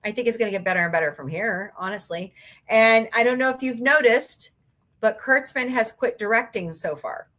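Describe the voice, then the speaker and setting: A woman's voice: a little high, moderate pace, a bit bright. A woman hosting a casual livestream, reading out viewer comments and chatting with sarcastic jokes and laughs. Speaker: livestream host.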